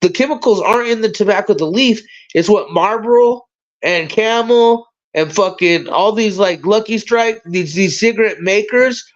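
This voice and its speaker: A man's voice: sits high, normal speed. A man hosting a casual livestream chat, rambling and swearing as he talks. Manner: rambling, profane, animated. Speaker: livestream host. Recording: dull lo-fi sound.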